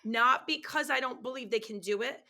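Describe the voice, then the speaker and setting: A woman's voice: fairly high pitch, normal speed, pushed and bright. A woman podcast host in casual interview chat, speaking candidly and frankly about herself.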